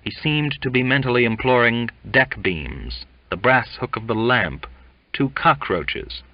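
A man narrating a classic novel in an audiobook, reading in a measured, deliberate way. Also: mid-range voice, expressive, no echo. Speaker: audiobook reader. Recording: dull lo-fi dry recording.

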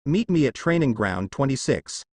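A man voicing a brash grown woman ninja teacher who yells orders. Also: medium pitch, very animated, moderate pace, no room sound, clean studio sound. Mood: bossy. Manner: loud, bossy.

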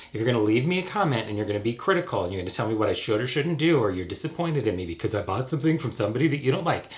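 Profane ranting man with a head cold. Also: medium pitch. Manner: sarcastic, profane, animated ranting. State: has a cold. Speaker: YouTuber. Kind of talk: ranting casual vlog.

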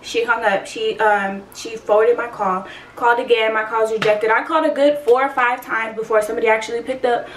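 A young woman in her twenties is telling a raw personal storytime, candid and slangy, with a fair amount of swearing. Her voice sits a little high, and she sounds a bit far from the mic in a roomy, echoey space. A faint hum of background noise runs underneath. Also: steady tone, fairly quick, few pauses. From San Antonio, Texas. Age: 20s. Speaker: vlogger. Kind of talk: storytime vlog.

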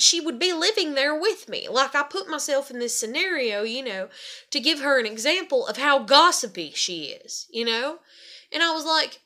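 A young female vlogger vents about her family in a bitter, frustrated rant that rambles, repeats itself, and is full of heavy swearing. Her voice is high-pitched with a sharp tone.

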